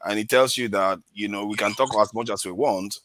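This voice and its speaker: A man hosting an online talk show, speaking in a relaxed, measured way with small fillers. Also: fairly low pitch, slight background noise. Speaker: host.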